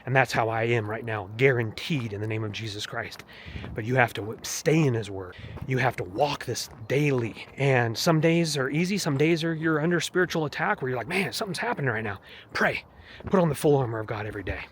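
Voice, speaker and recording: An earnest man rambles and preaches as he walks a mountain trail, his voice at an ordinary middle pitch. Faint outdoor ambience sits behind him. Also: fairly quick, slight background noise. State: walking, heart rate up. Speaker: vlogger. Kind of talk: casual walking vlog testimony.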